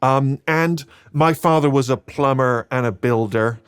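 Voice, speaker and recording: A man's voice: mid-range voice, measured pace, smooth. A middle-aged man with a Bristol West Country accent, chatting as a podcast guest and telling self-deprecating stories. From England, Bristol. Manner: self-deprecating storyteller, slips into put-on voices. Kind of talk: casual chat.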